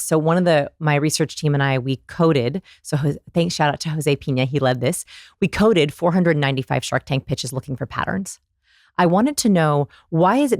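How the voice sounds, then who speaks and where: Lively middle-aged woman, low voice. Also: dry recording, studio quality. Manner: energetic, demonstrates vocal inflections. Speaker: guest, people expert. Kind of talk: animated interview talk.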